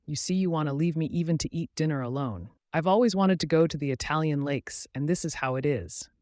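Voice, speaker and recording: A woman's voice: deep voice, brisk, a little mellow, dry recording, studio quality, pitched above the performer's own voice, lightly acted. A man voicing a reproachful, sobbing Scottish woman friend in an audiobook. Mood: bitter.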